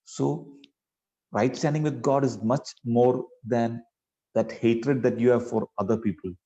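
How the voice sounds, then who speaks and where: A man delivers an earnest, pleading sermon in a warm, mellow voice. He often adds "you know" mid-sentence as he urges his listeners. The recording sounds dull and lo-fi. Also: medium pitch, steady tone, measured pace. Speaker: preacher.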